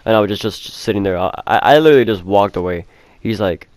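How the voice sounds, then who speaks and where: Brief: young male vlogger, low voice, dry close sound, swears a lot, rambles. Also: fast, darkish tone, no room sound. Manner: rambling, heavy swearing, lots of fillers. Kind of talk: casual storytime.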